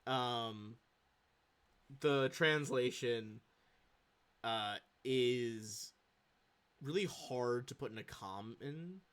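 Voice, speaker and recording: A man's voice: mid-range voice, very slow, pauses often, fairly bright tone, smooth. A man narrating a tabletop game as game master, with a casual, rambling delivery.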